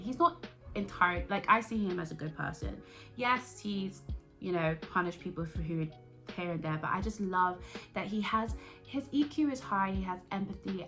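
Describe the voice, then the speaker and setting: A woman vlogger chatting casually and excitably about a TV series, rambling and jumping between thoughts. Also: mid-range voice. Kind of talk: casual reaction chat.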